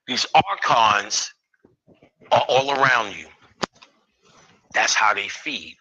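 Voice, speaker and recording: A man's voice: medium pitch, bright, forceful tone, husky, rough recording. A man in his fifties giving a live lecture to an audience, joking and swearing as he riffs with the crowd. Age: 50s. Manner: profane, joking, riffing with the audience. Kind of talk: live comedic spiritual lecture.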